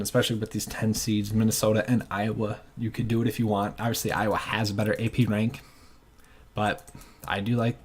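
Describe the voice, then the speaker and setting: Casual man talking through bracket picks on his own channel; low-ish voice, unhurried and hesitant. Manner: thinking aloud, hesitant, frequent fillers. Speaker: sports channel host.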